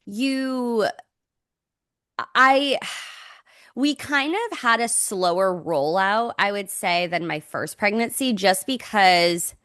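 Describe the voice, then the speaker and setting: A pregnant woman co-hosting a podcast in casual chat, animated and quoting herself in lively voices. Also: mid-range voice, takes it slowly, clear, resonant tone, no echo, clean studio sound. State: pregnant, recovering from sickness. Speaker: podcast co-host.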